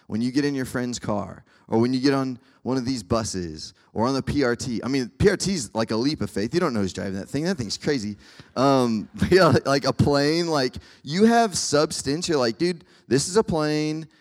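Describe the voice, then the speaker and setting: A young man preaching a casual sermon to students, keeps checking in with his listeners. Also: mid-range voice. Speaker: campus ministry speaker.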